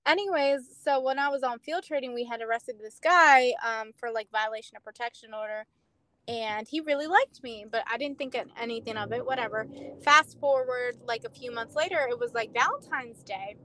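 A woman police officer telling a story in a casual chat over a remote call, animated and full of fillers. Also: on the high side, moderate pace, no echo, poor audio.

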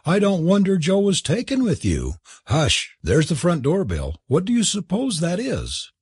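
A man reading a novel aloud and voicing a prim, impatient young woman, with a husky voice. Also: high voice, huge pitch swings, measured pace, darkish tone, no echo, studio quality, pitched above the performer's own voice, exaggerated voice. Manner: indignant, prim exclamations. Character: young well-bred woman, sharp and impatient. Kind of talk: audiobook character voice.

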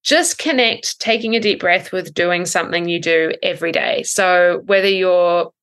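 A woman in her thirties, a breathwork coach, explaining thoughtfully in a podcast interview with frequent ums and soft laughs. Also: fairly low pitch, normal speed, clean tone.

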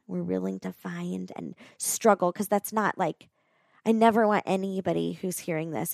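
A woman's voice: fairly low pitch, vocal fry, no room sound, studio quality. A woman telling a personal story in an earnest, conversational way, often saying "like.". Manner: earnest, animated, often says "like".

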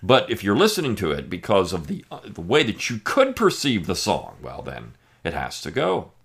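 A man's voice: low-pitched, wildly swooping pitch, normal speed, fairly bright tone. A man hosting a podcast, giving an emphatic, sarcastic opinion monologue with frequent fillers. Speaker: podcast host.

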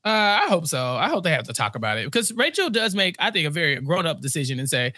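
A man co-hosting a podcast, recapping a TV episode in casual, animated chat and acting out characters' lines in quick bursts. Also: fairly high pitch, breathy edge, no room sound, clean studio sound. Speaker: podcast co-host.

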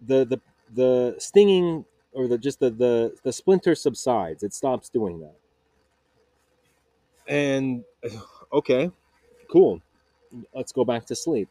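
A man's voice: mid-range voice, warm tone, no room sound. A man in his thirties hosting a podcast, telling a personal story casually, stumbling over repeated words and fillers. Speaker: podcast host.

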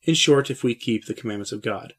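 A man preaching a Catholic-style sermon in a solemn, measured oratorical manner, full of rhetorical questions and addresses to his listeners. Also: medium pitch, fairly bright tone, husky.

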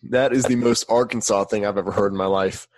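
A man's voice: on the low side, steady tone, quick pace. A young man co-hosting a casual sports podcast, reacting with emphatic disbelief and strong opinions. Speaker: podcast co-host.

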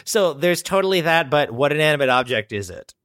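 A man co-hosting an improvised tabletop game podcast, riffing excitedly and laughing often. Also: fairly high pitch, fairly quick, dry recording, clean studio sound. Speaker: podcast co-host. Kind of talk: casual improvised chat.

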